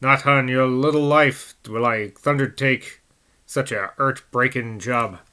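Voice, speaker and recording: A man voicing a shrill old Cockney woman in a slow dialect-heavy drawl in a novel reading. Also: bright, forceful tone, clear, resonant tone. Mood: grumbling. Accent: Cockney, put on.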